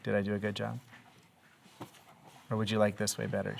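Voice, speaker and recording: A man's voice: on the low side, level tone, fairly quick, gravelly, long pauses, slight background noise. A man teaching a reading lesson in a classroom, asking young pupils patient, encouraging questions.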